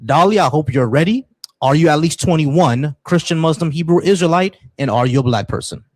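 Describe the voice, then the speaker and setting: A man's voice: on the high side, expressive, fairly quick, a little mellow, no room sound, studio quality. A man hosting a live-stream talk show, brash and speaking straight to the audience. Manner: brash, addresses the audience directly. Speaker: host. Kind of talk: casual live-stream chat.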